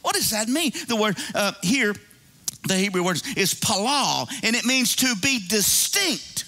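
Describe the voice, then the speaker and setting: A man's voice: sits high, big pitch swings, a little slow, bright, forceful tone. A pastor in his fifties preaching a sermon. He is exuberant and jokey and breaks into whooping exclamations.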